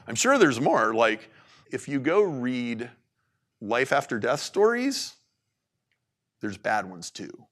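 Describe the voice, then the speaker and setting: A man giving an informal faith talk to an audience, animated and conversational, with plenty of "like"s. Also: a little high, unhurried. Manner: animated, conversational preaching with many "like"s.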